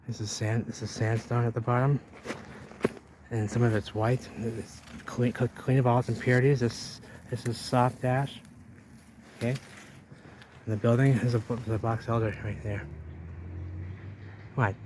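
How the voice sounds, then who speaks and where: A man's voice: mid-range voice, a little hiss or hum. A man narrating an exploring vlog outdoors, rambling to viewers while he walks and points things out. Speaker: vlogger. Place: outdoors by a river wall.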